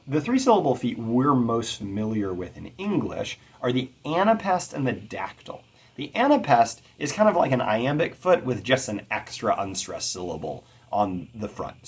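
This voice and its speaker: A man teaching poetic meter in a measured explanatory lecture, chanting rhythms to demonstrate them. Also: on the low side. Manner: measured, with occasional fillers. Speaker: poetry teacher.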